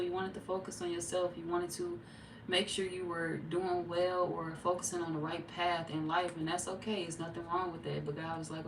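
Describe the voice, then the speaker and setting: A woman's voice: lowish voice, level tone, fairly quick, slight background noise. A woman giving a casual tarot reading straight to her viewers. She talks in a playful, slangy way and laughs often. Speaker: tarot reader. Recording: roomy echo, distant mic.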